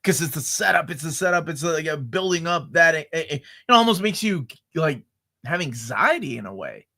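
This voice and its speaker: A film teacher co-hosting a casual movie discussion, emphatic and enthusiastic. His voice sits fairly high for a man and sounds bright and sharp. His pitch moves around a lot. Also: lively intonation, moderate pace, vocal fry.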